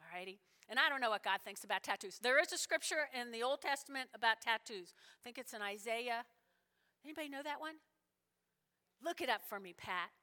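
Woman preacher, high bright voice, tells stories with lots of emphasis, big echoey church hall. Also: animated, brisk. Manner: storytelling, acts out quoted voices, emphatic. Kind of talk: sermon. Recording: long reverb of a large hall.

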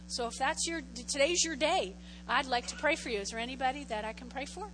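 A woman pastor giving a conversational sermon in a church, often checking in with "okay?", and moving from loud prayer to a soft invitation. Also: high-pitched, fairly quick, noisy background. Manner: conversational, repeats phrases, frequent "okay?" check-ins. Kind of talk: sermon with altar call.

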